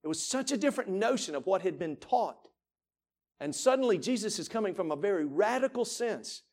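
A man preaching a sermon as pastor, emphatic, slowing down to stress words and repeating himself. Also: high voice, lively intonation, darkish tone.

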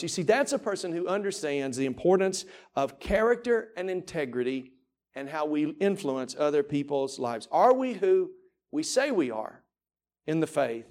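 High-voiced pastor preaching emphatically. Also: male voice, darkish tone. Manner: emphatic, slows words for stress, repeats words. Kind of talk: sermon.

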